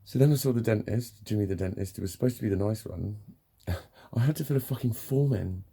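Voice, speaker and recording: A man's voice: fairly low pitch, fairly quick, vocal fry, mellow, slightly rough. A man venting in a ranting personal vlog, swearing often and sounding exasperated. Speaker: vlogger.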